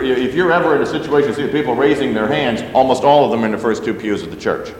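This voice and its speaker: A man's voice: medium pitch, slight background noise. A man preaching a sermon to his congregation in a loose, conversational way, full of asides and fillers. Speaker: pastor. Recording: roomy sanctuary with long reverb.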